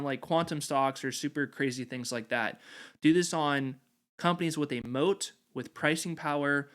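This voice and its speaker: A man's voice: on the high side, a bit bright. A man hosting an investing channel, explaining strategy over a chart in confident, emphatic, repetitive phrasing.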